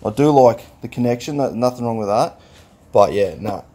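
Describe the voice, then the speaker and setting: A man's voice: medium pitch, animated, moderate pace, warm tone. A man with an Australian accent ranting bluntly and dismissively, insisting something is not his fault. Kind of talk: mock-defensive rant.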